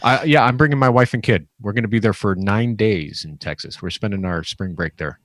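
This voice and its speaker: A man's voice: lowish voice, a little fast, dry recording. A man co-hosting a casual chat, recounting plans and details in a matter-of-fact way. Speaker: podcast co-host.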